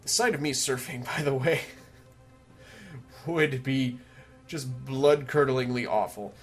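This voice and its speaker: A man's voice: mid-range voice, takes it slowly, soft background music. A man casually commenting on a strategy game he is playing, rambling and cracking self-mocking jokes. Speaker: let's play commentator.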